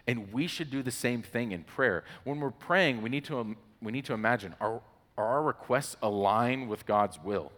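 A man preaching a casual, conversational sermon, relaxed and chatty with storytelling asides. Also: mid-range voice, moderate pace. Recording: long hall reverb.

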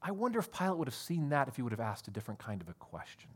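A man's voice: medium pitch, sing-song, very fast, slightly rough. A man preaching a sermon, earnest and emphatic, often calling his listeners friends. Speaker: pastor.

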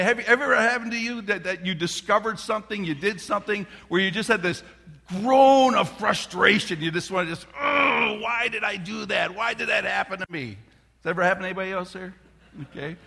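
A middle-aged man preaching a sermon as a pastor, an animated storyteller who talks straight to the congregation. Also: high-pitched. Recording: long reverb of a large hall.

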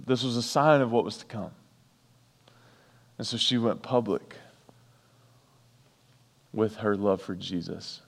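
A pastor preaching a sermon, repeating key lines for emphasis and breaking off for chatty asides. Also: male voice, on the low side, unhurried, gravelly, pauses often, long reverb tail.

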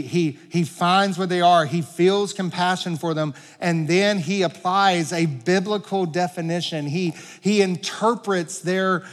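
A man preaching a sermon as pastor, earnest, swelling louder and dropping to quiet emphasis, in a church sanctuary. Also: high voice. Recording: long reverb of a large hall.

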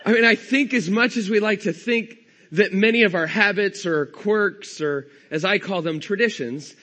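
A man's voice: sits high, moderate pace, bright, forceful tone. A man in his thirties from California preaching a sermon, telling a humorous self-deprecating family story. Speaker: pastor.

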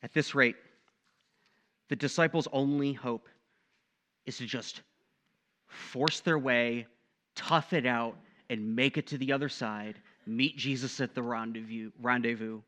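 A young man preaching a sermon in a conversational, animated way, often tossing in "right?" to the listeners. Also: mid-range voice, measured pace, long pauses. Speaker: pastor.

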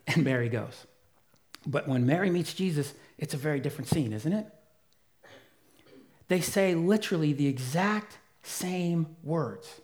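Man, pastor, sermon, earnest, swings from emphatic to hushed, slightly high pitch. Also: expressive, unhurried. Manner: earnest preaching, rising to emphatic then dropping soft.

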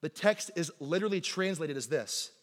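A man preaching a sermon in a church, telling stories in a lively, conversational way and often asking "right?". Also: fairly high pitch, moderate pace. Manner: animated conversational storytelling, keeps asking "right?". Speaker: pastor. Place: church sanctuary. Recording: long hall reverb in a church.

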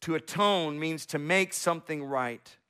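A pastor in his thirties preaches with earnest conviction, his fairly high male voice leaning hard into key phrases. He slows right down to stress a point, then drops to a hushed, soft delivery. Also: smooth. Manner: earnest, swings from emphatic and slow to hushed and soft. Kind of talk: sermon.

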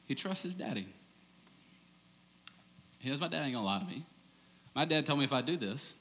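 Bright-voiced pastor preaching. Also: male voice, moderate pace, long pauses. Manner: conversational storytelling, animated, ends low and hushed. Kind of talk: sermon. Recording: long reverb of a large hall.

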